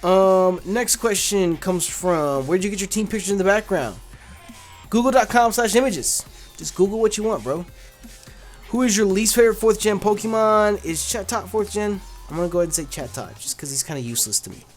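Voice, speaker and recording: A man's voice: sits high, a little fast, soft background music. A man hosting a casual gaming channel, answering viewer questions in a laid-back, blunt way with lots of fillers. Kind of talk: casual Q&A chat.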